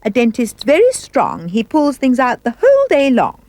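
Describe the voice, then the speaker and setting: A woman's voice: high-pitched, huge pitch swings, normal speed, darkish tone, no echo, voice pushed up, full character voice. A woman voicing a blunt, practical mother in a story reading. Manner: blunt and matter-of-fact.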